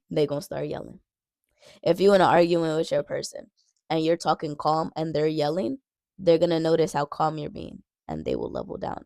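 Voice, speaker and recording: Earnest young woman, low gravelly voice. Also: a little mellow, no echo, clean studio sound. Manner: earnest, repeats key phrases for emphasis. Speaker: Christian dating vlogger. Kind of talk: casual advice talk.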